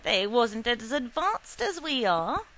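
A woman voicing a blunt, shrewd old country woman who speaks up loudly and insistently. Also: a little high, sing-song, takes it slowly, full character voice.

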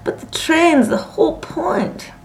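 Woman reader voicing a plaintive, dramatic young daughter; high-pitched. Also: sing-song, moderate pace, recorded from a distance, background noise. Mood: wailing.

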